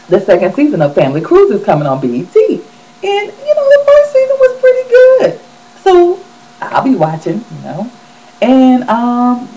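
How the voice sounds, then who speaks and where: A woman's voice: medium pitch, mellow, highs cut off. A woman hosting a casual celebrity gossip vlog, chatty and sassy, talking straight to her viewers.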